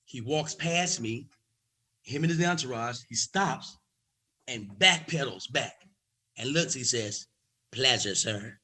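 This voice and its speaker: A man from the United States, a comedian guest, telling a lively story and acting out each voice. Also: mid-range voice, takes it slowly, pauses often, breathy edge, low-quality recording. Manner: lively, acts out every voice. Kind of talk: animated storytelling.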